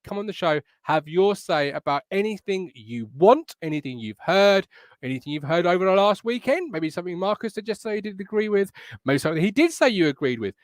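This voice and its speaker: A man's voice: high voice, sing-song, fairly quick, no room sound. A man hosting a live fan podcast, chatty and upbeat as he reads out comments from the live chat. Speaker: podcast host.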